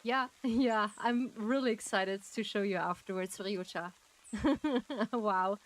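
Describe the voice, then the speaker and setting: Slow-talking giggly woman streamer. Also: medium pitch. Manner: giggly, chatty, thanks viewers warmly. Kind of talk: casual livestream chat while playing a game.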